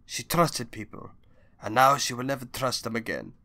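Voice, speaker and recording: A grieving older undertaker pleads for justice in a hushed, held-back voice, as a man reading a storybook puts him on. His tone stays bright and clear even at low volume. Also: normal speed, no room sound. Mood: bitter.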